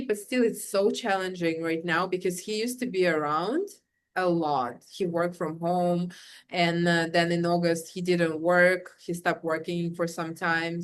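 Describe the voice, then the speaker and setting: A woman, a working mother, in a casual podcast chat, talking fluently and leaning on repeated words for emphasis. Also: on the low side.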